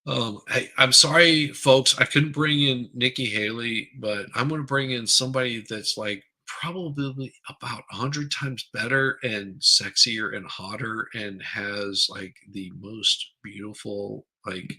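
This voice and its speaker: A man's voice: fairly low pitch, steady tone, unhurried, hardly any pauses, pushed and bright, slightly rough. A middle-aged man hosting a livestream, ranting crudely and mockingly about politics, profane and rambling. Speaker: livestream host. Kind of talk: crude comedic political rant.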